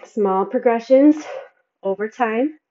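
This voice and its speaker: A woman's voice: on the high side, takes it slowly, mellow, muffled recording. A woman fitness instructor coaching a workout, counting reps and encouraging, sighing and a bit out of breath between exercises.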